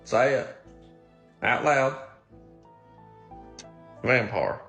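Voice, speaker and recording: A young man calling out a vampire, super slow and intense, soft music under it. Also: mid-range voice, animated, creaky, highs cut off, full character voice. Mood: tense.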